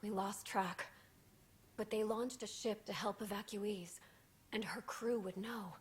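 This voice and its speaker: An actress voicing a shaken young female junior officer in a video game, speaking in a weary, hushed way. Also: mid-range voice, fairly even intonation, measured pace, lightly acted. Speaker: game character.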